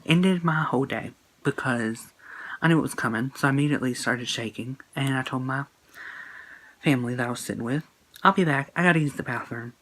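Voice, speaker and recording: A man's voice: mid-range voice, fairly bright tone, poor audio. A young man vlogging a personal breakup story to his phone camera, earnest and emotional, rambling with fillers and quoted texts. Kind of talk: casual storytime monologue.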